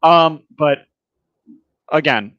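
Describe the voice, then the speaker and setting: A man's voice: on the high side, extremely slow, no room sound. A young man hosting a podcast, chatting casually and joking around in a playful way. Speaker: podcast host. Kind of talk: casual chat. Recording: dull lo-fi dry sound.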